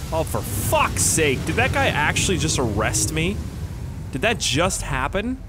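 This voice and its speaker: A young man giving excitable, swearing commentary while playing a video game, yelping when things go wrong. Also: on the high side, a little slow, background noise. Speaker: gaming YouTuber. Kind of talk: let's play commentary.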